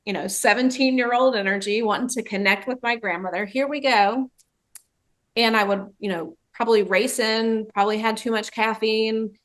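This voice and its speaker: A woman's voice: mid-range voice, a bit bright. A woman dementia trainer giving a webinar presentation, telling a story and acting out the quoted voices.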